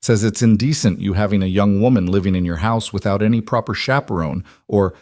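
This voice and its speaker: A man's voice: lowish voice, brisk, a little mellow, no room sound, studio quality, lightly acted. A man voicing a nervous middle-aged farmer who talks in a hesitant, placating way.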